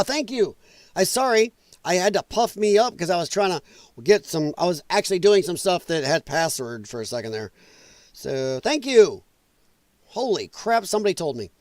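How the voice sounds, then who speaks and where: Animated, swearing livestream host. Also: male voice, sits high, no echo. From US Midwest. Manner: loud, profane, laughing often. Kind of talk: casual livestream commentary. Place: home, dog nearby.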